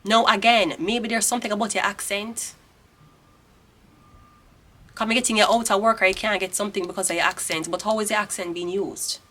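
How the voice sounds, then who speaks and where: A woman's voice: medium pitch, steady tone, fairly quick, long pauses, fairly bright tone. A woman in her thirties with a Jamaican accent giving a casual tarot reading, ranting bluntly and swearing freely. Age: 30s. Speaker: tarot reader.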